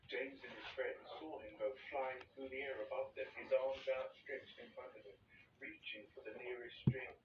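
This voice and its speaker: A man reading a storybook aloud with lively, expressive narration. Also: mid-range voice, moderate pace. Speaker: reader. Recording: dull distant roomy recording with hiss.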